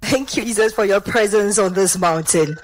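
A woman with a Ghanaian accent giving an animated church testimony, slipping between English and Twi. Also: medium pitch, normal speed, soft background music, poor audio.

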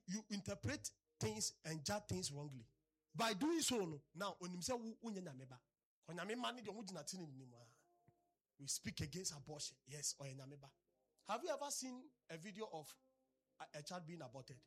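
A male preacher delivers an animated sermon, rising to loud exclamations and dropping to low asides. His voice sits fairly high and has a husky edge.

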